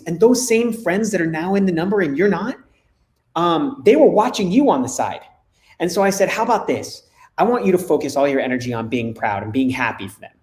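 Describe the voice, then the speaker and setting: A man co-hosting a talk, telling lively family anecdotes and acting out dialogue. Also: sits high, fairly quick. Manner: animated anecdotes, acts out dialogue. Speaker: co-host. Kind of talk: casual storytelling. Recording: echoey room.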